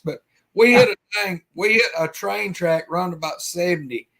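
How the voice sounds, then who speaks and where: A man co-hosting a live stream, telling folksy stories in an animated way. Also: high-pitched, normal speed, gravelly. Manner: animated yarn-spinner, folksy. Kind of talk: casual storytelling chat.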